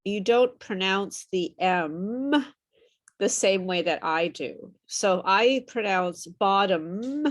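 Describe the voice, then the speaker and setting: Slow, patient woman teaching pronunciation. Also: mid-range voice. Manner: patient, explains slowly, models words by repeating them. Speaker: English pronunciation tutor. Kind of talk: online group lesson.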